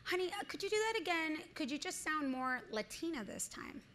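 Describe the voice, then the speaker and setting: A woman voicing a condescending female casting director who speaks briskly and dismissively in a sugary tone. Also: high voice, expressive, fairly bright tone, pitched above the performer's own voice. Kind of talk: acted quote inside an anecdote.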